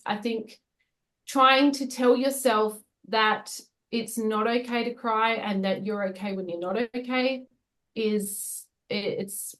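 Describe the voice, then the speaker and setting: A woman's voice: a little high, fairly even intonation, normal speed, a bit bright, rough recording. Candid Australian woman chatting. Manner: candid, personal, laughs easily. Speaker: co-host interviewer. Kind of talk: casual conversation.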